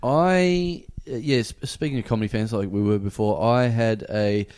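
A man's voice: on the low side, a little mellow, clear, resonant tone. A middle-aged Australian man hosting a comedy podcast, telling a rambling story with lots of hesitation. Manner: rambling, halting with fillers and restarts. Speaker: podcast host. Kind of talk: casual chat storytelling.

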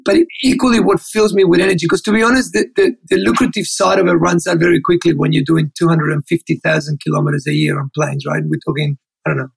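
A man's voice: a little high, steady tone, gravelly, husky, poor audio. A man, a guest in an interview, telling stories with enthusiasm and acting out the dialogue. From Australia. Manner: enthusiastic, fast, acts out dialogue. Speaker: interview guest, keynote speaker. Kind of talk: animated storytelling.

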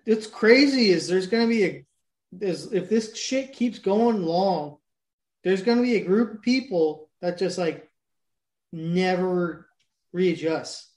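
A man's voice: sits high, slow pace. Profane rambling podcast guy. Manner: profane, rambling, animated storytelling. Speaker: podcast co-host. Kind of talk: casual crude chat.

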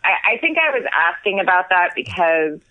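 A woman comedian chatting casually on a phone call, rambling and self-deprecating with quick laughs. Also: lowish voice, sing-song, dry recording. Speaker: guest comedian. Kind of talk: casual chat. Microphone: phone line. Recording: tinny phone line.

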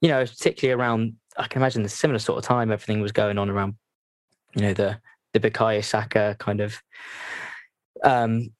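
A man's voice: lowish voice, steady tone, fairly quick, long pauses, no echo. A young man hosting a casual video-call interview from his bedroom, chatty and jokey, with lots of fillers and restarts. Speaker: podcast host. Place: messy bedroom at his parents' house.

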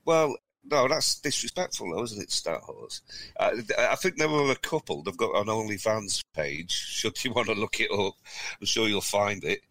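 A middle-aged man with a low, bright and forceful voice tells rambling stories, chuckling as he goes. He co-hosts a casual podcast chat. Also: lively intonation, normal speed, no echo. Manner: rambling, chuckling anecdote-teller. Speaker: podcast co-host.

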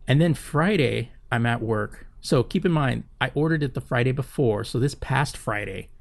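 Podcast guy rambling through a story, swears a lot, gravelly voice. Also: medium pitch, moderate pace, dry recording. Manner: rambling, profane storytelling with many fillers. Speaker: podcast co-host. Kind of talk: casual chat.

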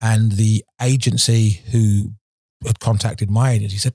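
Dark, husky man telling his story. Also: fairly low pitch, steady tone, normal speed, dry recording, clean studio sound. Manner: rambling and frank, many restarts and fillers. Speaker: guest, former Olympic sprinter. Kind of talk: candid storytelling interview.

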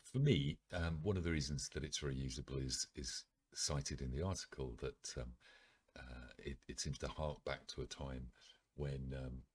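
A man with a very low, husky voice reads an article aloud. He keeps breaking off for wry asides, filling the gaps with ums and uhs. His delivery mixes steady reading with loose, offhand comments. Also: moderate pace. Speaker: video presenter.

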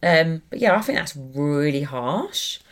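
A woman's voice: low voice, expressive, unhurried. A woman hosting a podcast, chatting casually and animatedly, restarting sentences and exclaiming as she goes. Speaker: podcast host. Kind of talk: casual chat.

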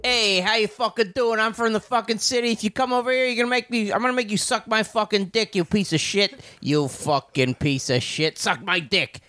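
A man's voice: sits high, a little fast, few pauses, pushed and bright, no echo. A man voicing a crude, aggressive Italian tough guy from the city, who swears and makes threats in a comedy bit.

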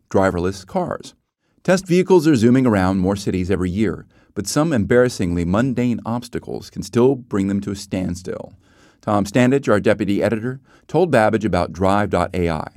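A man's voice: fairly low pitch, darkish tone, no room sound, clean studio sound. A male host presenting a news magazine podcast in a scripted way.

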